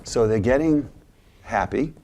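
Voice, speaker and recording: Older man telling a story, gravelly. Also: medium pitch, a little slow. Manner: animated, retells scenes with voices. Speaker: guest, former mental health agency CEO. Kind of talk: interview storytelling.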